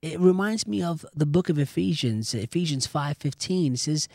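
A man's voice: on the high side, expressive, normal speed, creaky, darkish tone, dry recording. Fervent man preaching, dry close sound. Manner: fervent, insistent. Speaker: host. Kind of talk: preaching and prayer.

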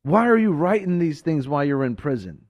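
A man preaching fervently as a talk show host, swinging between emphatic outbursts and hushed, earnest passages. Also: a little high, very animated, a little fast, dry recording.

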